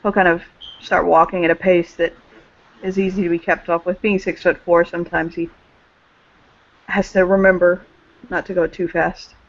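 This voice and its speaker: A man running a tabletop game, narrating with a lot of hesitant fillers. His voice sits high for a man, and the recording sounds dull and lo-fi. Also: level tone, normal speed, long pauses, no echo. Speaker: game master.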